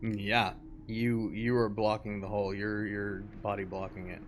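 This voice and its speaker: A young man running a tabletop game as game master, narrating in an easygoing, halting way. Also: on the low side, flat delivery, slight background noise. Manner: easygoing, hesitant with fillers.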